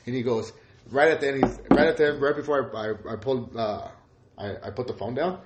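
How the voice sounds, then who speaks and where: A man co-hosting a podcast, telling stories in casual chat with lively acted-out quotes and plenty of swearing. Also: medium pitch, fast, a little hiss or hum. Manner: animated storytelling, acts out quotes, heavy swearing. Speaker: podcast co-host.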